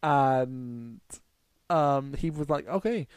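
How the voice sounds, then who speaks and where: A man's voice: medium pitch, lively intonation, darkish tone, no room sound. Swearing, rambling man from the UK. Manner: swears freely, rambling anecdotes with quick restarts. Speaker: podcast co-host. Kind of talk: casual chat.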